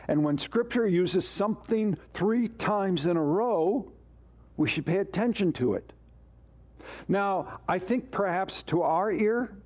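A man's voice: high-pitched, a little mellow. A man preaching a sermon as pastor, emphatic and asking rhetorical questions.

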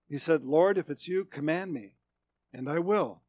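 A male pastor delivers a sermon in a high voice with an unhurried pace. He swings from loud proclamations to quiet, low phrases and keeps repeating his words for weight. The sound is close and dry, with no room echo. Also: very animated. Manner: emphatic preaching that swings between loud declarations and hushed, low phrases; repeats and restates phrases for emphasis.

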